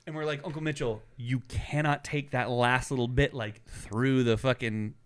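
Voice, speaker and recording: A man's voice: mid-range voice, normal speed, clean tone. A young man co-hosting a podcast, telling a story in casual chat, profane and laughing, acting out the voices of people he quotes. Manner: animated, profane, laughing, acts out voices in stories. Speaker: podcast co-host.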